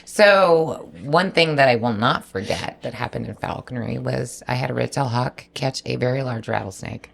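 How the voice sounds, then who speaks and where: Guest spot: very deep-voiced woman with a gravelly edge, lively storyteller. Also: normal speed, hardly any pauses. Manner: animated, laughs while telling stories, acts out quoted voices. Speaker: falconer guest. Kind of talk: casual storytelling.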